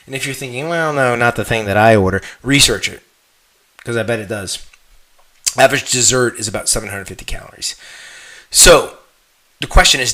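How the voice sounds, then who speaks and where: A man coaching through an online fitness lesson, his voice bright and forward. He talks directly to the listener, checks in with a quick "okay?", and leaps up in pitch when he drives a point home. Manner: animated, voice jumps up on emphatic questions.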